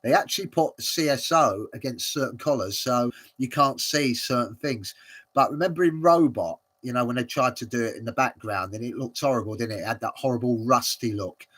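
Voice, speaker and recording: A man's voice: mid-range voice, brisk, fairly bright tone. A man hosting a watch-along, commenting casually and rambling with many fillers and frequent chuckles.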